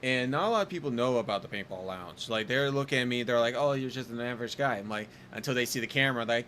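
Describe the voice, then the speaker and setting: A man's voice: mid-range voice, fast talker, few pauses, fairly bright tone. A man hosting a podcast, chatting casually in a loose, rambling way with many fillers. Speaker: podcast host.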